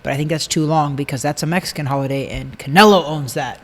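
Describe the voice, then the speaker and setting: A man's voice: on the high side, fairly even intonation, fast, in a large hall. A man co-hosting a casual boxing podcast, talking at length and explaining the details. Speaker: podcast co-host, boxing analyst. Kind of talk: casual chat.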